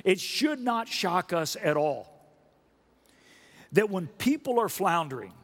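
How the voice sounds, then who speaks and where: A man preaching a sermon emphatically, asking the congregation questions and building up to loud repeated stresses. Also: sits high, sing-song, takes it slowly. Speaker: pastor. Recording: long reverb of a large hall.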